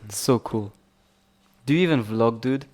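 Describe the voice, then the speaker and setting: A man's voice: medium pitch, moderate pace, darkish tone. A man hosting a podcast in casual chat, teasing his guest and laughing a lot. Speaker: podcast host.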